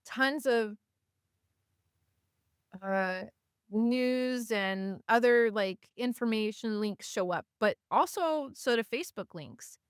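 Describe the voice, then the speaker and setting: A woman guest on a podcast, chatting casually and telling stories in an animated way, often with fillers. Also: on the high side, slow, clear, resonant tone, no room sound, clean studio sound. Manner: animated, acts out voices of people in her stories. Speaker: podcast guest, community organizer. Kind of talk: casual storytelling in conversation.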